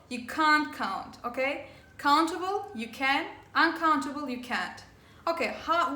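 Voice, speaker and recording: A woman teacher giving an English grammar lesson, slowly spelling out endings and repeating words for her students. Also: high-pitched, sharp tone. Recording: echoey room.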